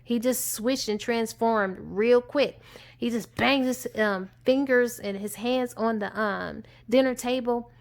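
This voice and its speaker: A woman's voice: a little high, takes it slowly, vocal fry. Chatty woman recapping a movie. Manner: animated, chatty storytelling with laughs. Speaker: movie reviewer on her channel.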